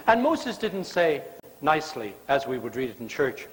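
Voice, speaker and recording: A guest preacher tells a sermon with animated, storytelling flair, slipping playfully into quoted voices. His voice sits a touch high and swings widely in pitch. A long church reverb hangs after each phrase. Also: normal speed, a little hiss or hum. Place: church sanctuary.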